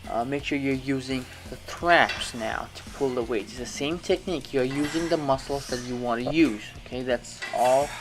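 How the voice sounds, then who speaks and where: A man's voice: medium pitch, moderate pace, hardly any pauses, music in the background. A man talking through his workout as a fitness vlogger in a gym, casual and rambling, often restarting his sentences. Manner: rambling, many restarts and self-corrections.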